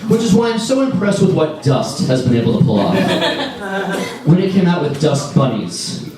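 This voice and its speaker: A man in his forties doing a stand-up comedy set, wry and deadpan with lively storytelling. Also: on the high side, normal speed, crowd noise. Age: 40s. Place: comedy club stage. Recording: echoey club sound from a distance. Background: audience laughter.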